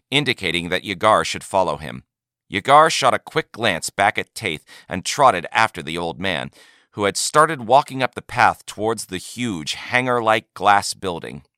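Male narrator, deep, lively, dry booth sound. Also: no room sound. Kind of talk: reading a sci-fi story aloud.

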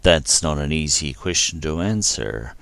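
A man voicing a calm, commanding middle-aged starship emissary with a deep basso voice, speaking in a measured, unhurried way. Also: vocal fry, no room sound, heavily acted.

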